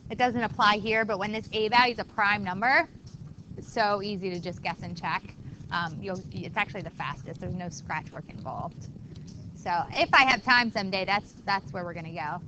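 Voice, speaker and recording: A woman's voice: mid-range voice, normal speed, bright, forceful tone, a little hiss or hum, low-quality recording. A woman teaching a math class, explaining step by step and talking to students in a chatty way. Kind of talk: classroom lecture.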